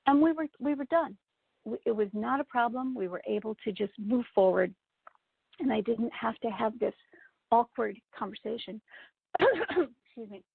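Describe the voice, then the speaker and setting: A woman with a strongly gravelly, husky voice shares a personal story as a lesson for event professionals, turning to her listeners with asides. The sound is thin and phone-like, dry with no room around it. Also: on the high side, expressive, normal speed, no echo. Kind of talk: storytelling talk.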